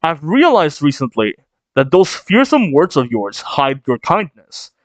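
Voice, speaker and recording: A man's voice: fairly high pitch, very animated, measured pace, no echo. A man reading out a timid traumatized man. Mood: meek. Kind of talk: manga read-aloud.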